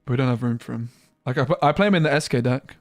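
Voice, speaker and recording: A man's voice: medium pitch, quick pace, dry recording, studio quality, faint music behind. A man streaming a card game, chatting casually and muttering asides with mild slang. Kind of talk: casual gameplay commentary.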